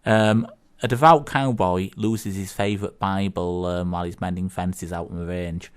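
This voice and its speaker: A man's voice: low-pitched, steady tone, normal speed, clean tone. A man from England with a Northern English accent, co-hosting a community radio show and telling jokes in a rambling, hesitant way. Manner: rambling, hesitant, full of fillers. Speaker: radio co-host.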